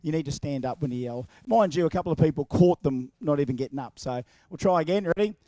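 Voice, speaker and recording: A man's voice: a little high, expressive, fast, warm tone, no echo. An Australian man announcing live at an outdoor event over a handheld microphone, chatty and jokey as he calls out to the crowd. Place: outdoors at a racetrack. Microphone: handheld microphone and horn speaker.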